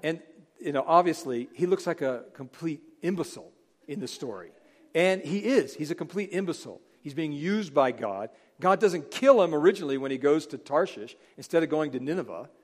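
A middle-aged man preaching a sermon, animated, acting out Bible figures in voices. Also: on the high side, fairly quick. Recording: long hall reverb.

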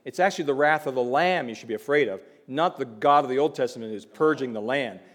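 A man preaching a sermon in a conversational way, slipping in quick asides and building to emphatic warnings. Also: medium pitch. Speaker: pastor.

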